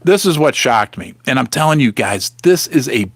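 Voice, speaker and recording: Middle-aged male livestream host, animated and rambling, dry close sound. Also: mid-range voice, moderate pace, hardly any pauses, dry recording. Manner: rambling, restarts often, thanks viewers. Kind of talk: casual livestream chat.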